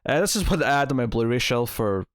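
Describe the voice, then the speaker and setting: A male podcast host talking through a film in a loose, chatty way, circling back and restarting his sentences as he goes. His voice sits at an ordinary middle pitch. It is recorded close and dry, with almost no room sound. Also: expressive, quick pace, dry recording. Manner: rambling, self-correcting, laughs often. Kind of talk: casual movie review chat.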